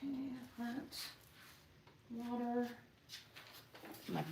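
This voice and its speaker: A woman artist talking viewers through a marker drawing on a casual livestream, unhurried and encouraging, often muttering asides under her breath. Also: very deep voice, lively intonation, gravelly, slight background noise. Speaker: comic artist streaming a marker demo. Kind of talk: casual livestream art tutorial.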